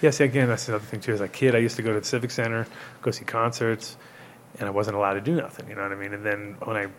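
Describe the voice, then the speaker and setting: A man's voice: lowish voice, level tone, racing, a little hiss or hum. A man from Rhode Island hosting a casual podcast chat, rambling through stories, swearing and acting out quotes. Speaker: podcast host.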